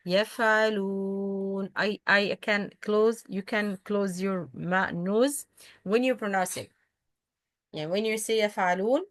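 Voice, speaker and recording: A woman whose first language is Arabic teaching a recitation lesson, patient, slowly repeating example words with frequent hesitations. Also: mid-range voice, fairly bright tone, no room sound. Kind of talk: online tajweed lesson.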